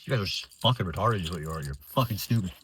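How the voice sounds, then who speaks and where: A man's voice: deep voice, animated, racing, a bit bright, slight background noise. A man in his thirties ranting bitterly in a profane, rambling way with many restarts. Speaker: veteran vlogger. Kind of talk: angry unscripted rant.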